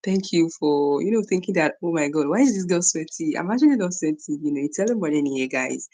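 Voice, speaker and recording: A woman's voice: low-pitched, animated, fast, mellow. A young woman from Nigeria hosting a casual morning livestream, greeting viewers by name and often repeating herself. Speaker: livestream host. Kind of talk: casual live-stream chat with viewers.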